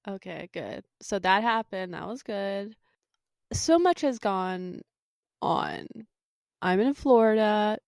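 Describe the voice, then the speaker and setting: A woman co-hosting a casual podcast, speaking at a middle pitch in a relaxed, chatty manner. She asks curious questions, and her voice sits dry and close to the mic. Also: slow, vocal fry, smooth, no echo. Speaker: podcast co-host.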